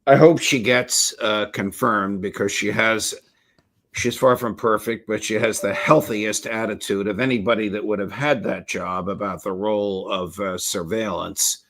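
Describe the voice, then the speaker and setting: A man hosting a political interview show, speaking in a measured way with frequent pauses. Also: on the low side, fairly even intonation, fairly bright tone. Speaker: host.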